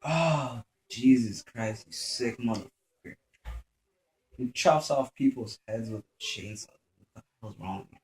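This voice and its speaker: A man's voice: mid-range voice, measured pace. A young man giving profane, joking commentary while playing a video game and talking back at the enemies. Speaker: gameplay commentator. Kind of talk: let's play commentary. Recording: echoey room with steady noise.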